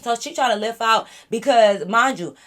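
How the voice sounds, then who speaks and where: A woman vlogger telling a storytime in a casual, animated, profane and exasperated way. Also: a little high, normal speed.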